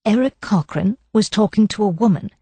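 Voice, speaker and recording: A woman narrating a cozy mystery audiobook in an even, measured storytelling style. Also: medium pitch, slightly rough, dry recording. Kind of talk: scripted narration.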